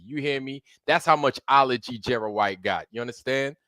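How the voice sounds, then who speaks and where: A man hosting a livestream in loose, slangy casual chat, shouting out viewers by name. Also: mid-range voice, fairly quick, few pauses, no room sound, clean studio sound. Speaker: livestream host.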